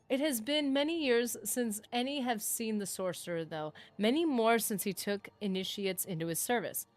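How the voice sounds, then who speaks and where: A woman's voice: fairly high pitch, lightly acted. A woman reading as a proud ancient goddess queen. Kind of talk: reading game dialogue aloud.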